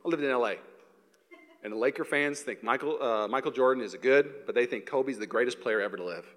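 A man from Seattle preaching a lively sermon to his congregation in a church, sometimes acting out shouting sports fans. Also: mid-range voice, a little fast, big-room sound. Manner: animated, acts out shouting fans. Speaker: pastor.

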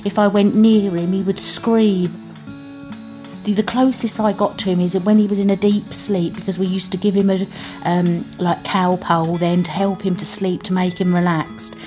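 A woman's voice: on the low side, level tone, normal speed. A British mother telling her own story in a plain-spoken, earnest and emotional way. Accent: British English. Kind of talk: first-person storytelling. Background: music underneath.

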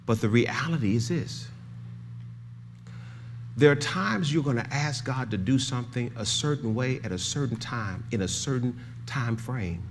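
An older man preaching a sermon as pastor, swinging from shouted pleading to hushed, low emphasis. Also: measured pace, a little hiss or hum.

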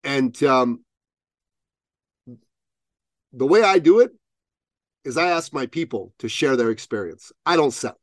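A man guesting on a podcast, telling a story with lots of animation and slipping into the voices of the people in it. His voice sits at a middle pitch, and the sound is dry and close with no room in it. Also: animated, unhurried, pauses often, no echo. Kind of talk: storytelling in an interview.

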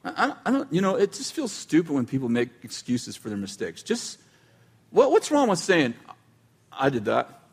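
A man with a notably high voice delivers a relaxed, chatty sermon. He stops and restarts his sentences and drops in dry asides as he goes. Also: moderate pace, slightly rough. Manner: casual, self-interrupting, with wry asides. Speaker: preacher. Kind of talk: conversational sermon.

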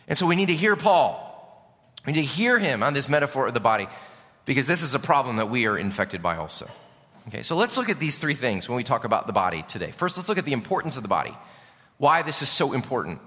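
A male pastor preaching a sermon to his congregation, animated and questioning the room. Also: medium pitch, big-room sound. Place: church sanctuary.

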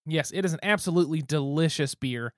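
A man's voice: a little high, fairly quick, dry recording, clean studio sound. A man hosting a casual podcast, talking in an easygoing, descriptive, good-humored way. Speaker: podcast host.

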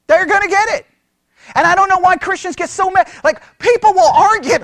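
A Bible teacher giving a conversational sermon, animated and exasperated, who mocks his opponents in raised voices. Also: very high-pitched, brisk, no room sound, studio quality.

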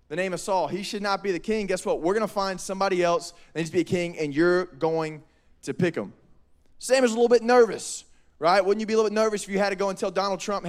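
High-voiced, animated youth pastor. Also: male voice, fairly quick. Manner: energetic, slangy, acts out voices. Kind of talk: youth sermon.

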